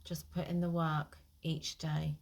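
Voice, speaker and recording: A woman's voice: deep voice, little pitch movement, a little slow, darkish tone. A woman, an IBS therapist, talking straight to her listener with frank encouragement and the odd light swear. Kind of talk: casual direct-to-camera advice.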